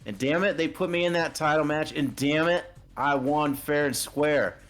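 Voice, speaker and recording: A man's voice: a little high, moderate pace, fairly bright tone, faint music behind, pitched above the performer's own voice, close to an everyday voice. A man putting on a brash disco diva wrestling champ. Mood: defiant boasting. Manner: brash, defiant trash talk. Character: boastful glamorous female disco-themed wrestling champion.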